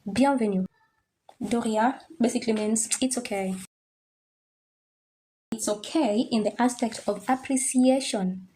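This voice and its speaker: A young woman teaching French, patiently repeating words slowly and checking that the class follows. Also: a little high, warm tone, slight background noise. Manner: patient, drills pronunciation slowly, checks understanding. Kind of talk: online language lesson.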